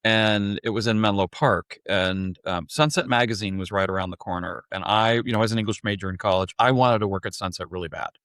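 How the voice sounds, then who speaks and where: A man's voice: lowish voice, fairly even intonation, fairly quick, few pauses, a bit bright, clean tone, dry recording. A man co-hosting a podcast, chatting casually and telling a story with dry humor. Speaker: podcast co-host. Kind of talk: casual chat.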